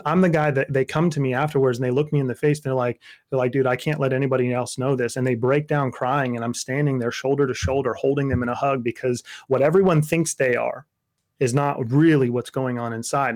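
A man sharing his personal story in an interview, earnest and intense, dropping to a soft low voice and then building to emphatic outbursts. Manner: intense, voice drops low and soft in tender moments.

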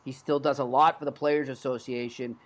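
A Boston-accented man in his thirties talks as a sports podcast host, his voice sitting at an ordinary middle pitch. He tells his stories in an earnest, conversational manner. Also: fairly even intonation, brisk. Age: 30s.

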